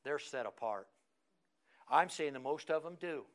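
High-pitched guy preaching, quizzing the class and calling out names. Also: animated, a little slow. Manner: preacherly, asks the class questions and calls on members by name. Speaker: pastor. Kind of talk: sermon teaching.

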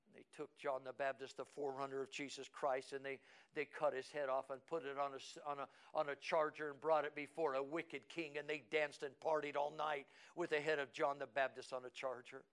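A man preaching a sermon in a church service. He tells the story with dramatic repetition and builds up to shouting. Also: mid-range voice, fairly even intonation, moderate pace, smooth. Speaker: pastor.

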